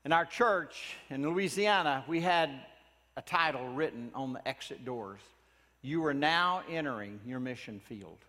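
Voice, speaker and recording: A man preaching a sermon in a church, earnest and pleading, often dropping his voice to a hush for emphasis. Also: mid-range voice, animated, measured pace, long reverb tail. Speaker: pastor.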